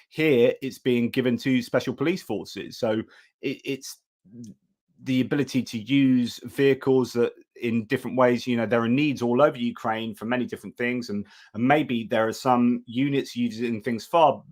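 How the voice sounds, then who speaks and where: A chatty middle-aged man hosting a live news commentary stream. His voice sits at an ordinary mid pitch, and he reads headlines and thanks viewers in a loose, conversational flow full of restarts. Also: fairly even intonation, moderate pace. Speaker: livestream news host.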